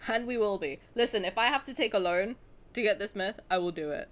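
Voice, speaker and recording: A woman, chatting casually on a stream, excitable and dramatic, rambling between topics. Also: mid-range voice, brisk.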